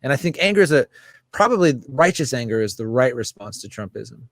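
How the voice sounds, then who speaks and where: Man, interview guest, mid pitch, fired-up, swears a lot, mimics voices, dry recording. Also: fairly quick, no echo. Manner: animated, profane, acts out voices of others. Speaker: guest, writer and musician. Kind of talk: casual impassioned interview talk.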